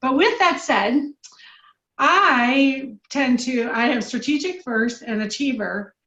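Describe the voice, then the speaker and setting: High-voiced woman in a roomy, lo-fi recording. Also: slow pace, fairly bright tone. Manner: chatty and teasing, with laughs. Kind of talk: casual interview chat. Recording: roomy, dull lo-fi sound.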